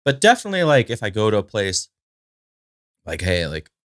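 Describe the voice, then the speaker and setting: A man's voice: lowish voice, huge pitch swings, a little fast, a bit bright, no room sound, studio quality. A man hosting his own podcast at home, talking casually from a chair in front of a camera, rambling with lots of fillers and side remarks to his dog. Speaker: podcast host. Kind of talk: casual solo chat. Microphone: recording to a camera.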